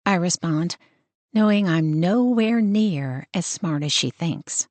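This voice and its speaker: A woman narrating a first-person romance audiobook in an expressive, wry storytelling manner. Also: on the low side, takes it slowly, dry recording.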